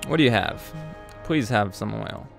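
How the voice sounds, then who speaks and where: A man with a fairly low, creaky voice and lively intonation speaks at a moderate pace while hosting a let's play. He talks through his game in rambling, hesitant commentary full of ums and self-corrections, with faint game music in the background.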